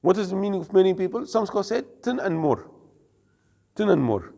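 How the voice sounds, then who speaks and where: Lecturing man with a gravelly voice. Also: sits high, big pitch swings, mellow, big-room sound. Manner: explains slowly, asks the class questions, mixes in Arabic words. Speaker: Islamic studies teacher. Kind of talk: classroom lecture.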